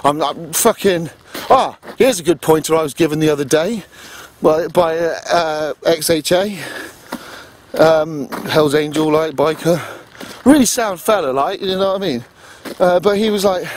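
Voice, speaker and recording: A high-pitched man rants in a vlog, swearing heavily and pressing every point with a questioning "yeah?". His delivery is blunt and insistent over a faint hum of background noise. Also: normal speed. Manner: profane, emphatic, keeps asking "yeah?". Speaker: vlogger. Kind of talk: ranting monologue.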